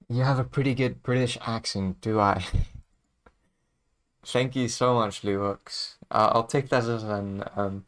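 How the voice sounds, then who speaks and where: Slow-talking laid-back male streamer. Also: lowish voice, a bit bright. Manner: laid-back, chuckles often, trails off mid-sentence. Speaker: music producer streaming. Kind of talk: casual livestream chat.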